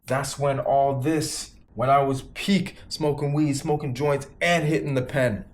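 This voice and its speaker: A man's voice: mid-range voice, slight background noise. Emphatic man giving a motivational talk. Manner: emphatic, repeats lines for punch, swears casually. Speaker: vlogger giving quit-weed advice.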